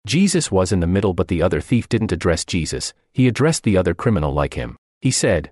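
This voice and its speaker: A man's voice: low voice, sing-song, fairly quick, hardly any pauses, darkish tone, no echo. A man voicing a translated radio sermon, preaching earnestly and emphatically with repeated phrases, close to the mic.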